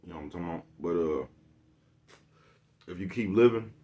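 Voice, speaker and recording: Speaking briskly to camera, this laid-back vlogger uses his deep, low voice for a rambling pep talk that keeps coming back to "you know what I'm talking about." The audio's high end is cut off.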